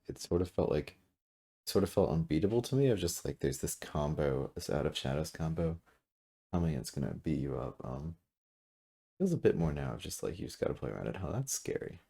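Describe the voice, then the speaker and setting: Musing aloud over a strategy game at his computer, a gameplay commentator speaks in a very low, gravelly, husky male voice with a sing-song lilt. His pitch wanders widely as he hedges, corrects himself mid-sentence, and halts with fillers, sitting a little back from his desk mic in the room.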